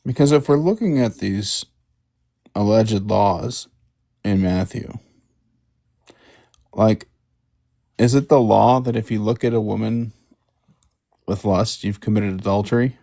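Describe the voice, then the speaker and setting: A low, gravelly man's voice, recorded close and dry. He presses his point in a casual debate with probing questions. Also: unhurried, pauses often, mellow, dry recording. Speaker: podcast co-host.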